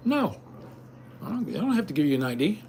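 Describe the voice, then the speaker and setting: A man's voice: fairly high pitch, big pitch swings, rapid-fire, creaky, mellow, slight background noise. Indignant rambling older man on a stream. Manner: rambling, indignant, talks straight to viewers. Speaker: livestream host. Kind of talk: casual rant to viewers.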